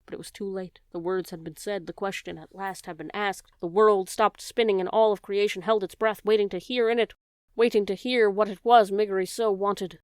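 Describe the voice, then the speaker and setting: Woman narrator, children's audiobook, smooth resonant voice, dry close sound. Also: medium pitch, no echo. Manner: measured, expressive storytelling.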